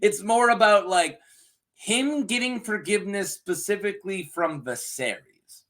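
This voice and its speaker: A man's voice: high-pitched, a bit bright. A man giving a casual scripted episode recap, often laughing and briefly acting out characters' lines. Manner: giggly, acts out characters in quick voices. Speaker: podcast reviewer.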